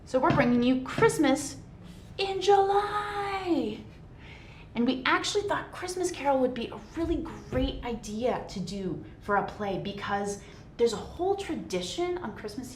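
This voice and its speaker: A woman with a fairly high voice, chatting brightly as host and reading aloud. She sounds like she's in an echoey room, with a faint rumble behind her. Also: very animated, a little slow. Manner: upbeat, chatty. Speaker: host and reader. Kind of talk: live stream chat and reading aloud.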